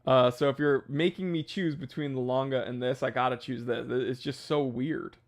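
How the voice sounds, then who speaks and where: A man's voice: mid-range voice, steady tone, normal speed. A man hosting a casual livestream, chatting loosely and rambling, with laughs at his own jokes. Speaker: livestream host.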